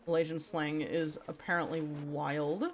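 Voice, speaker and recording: A woman's voice: sits low, level tone, a little slow. Cursing woman streamer chatting over game music. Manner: swears freely, reacts loudly to the game. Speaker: livestreamer. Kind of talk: casual game livestream, reading chat. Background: faint game music.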